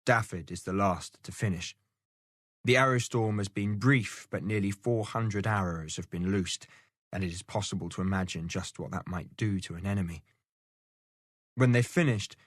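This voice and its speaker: An audiobook narrator reads a novel aloud in a steady, measured storytelling style, with a fairly low voice. It is scripted narration, recorded at studio quality with no room sound.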